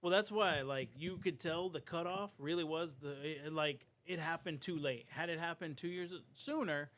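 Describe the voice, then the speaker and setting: A man's voice: a little high, moderate pace, a bit bright. A man co-hosting a podcast in loose casual chat, rambling and acting out other people's lines. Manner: rambling, acts out quoted voices. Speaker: podcast co-host.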